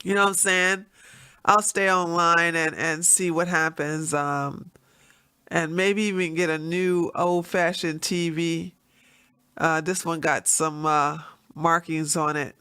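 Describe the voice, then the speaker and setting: A woman with a congested, allergy-stuffed nose talks to her stream audience in a loose, wandering way. Her voice is bright and pushed forward, and she breaks into easy laughter as she goes. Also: on the low side, fairly even intonation, slow, smooth. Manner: rambling, chatty, laughs often. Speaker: livestream host. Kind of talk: casual livestream chat.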